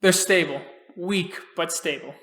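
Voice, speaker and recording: Man as game master, calm rules narration, roomy echo. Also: high voice, measured pace.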